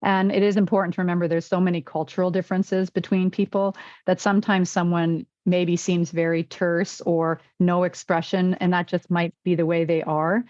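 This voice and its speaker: A woman's voice: on the low side, flat delivery, moderate pace, few pauses, darkish tone, dry recording, muffled recording. A woman physician and wellness coach in a podcast interview, telling stories and acting out quoted dialogue.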